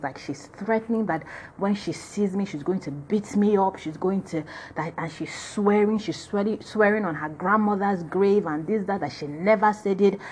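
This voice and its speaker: A woman's voice: fairly low pitch, darkish tone, a little hiss or hum. A woman with a Nigerian accent casually telling a personal story, chatty and full of "you know" and "like".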